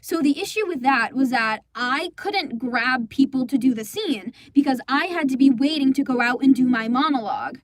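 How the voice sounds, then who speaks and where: A woman's voice: high-pitched, lively intonation, normal speed, hardly any pauses, no room sound, clean studio sound. A woman voicing an indignant teenage girl who rambles through a story, exasperated and swearing freely, for a fan comic dub. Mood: rambling. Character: indignant teenage girl recounting a school play disaster.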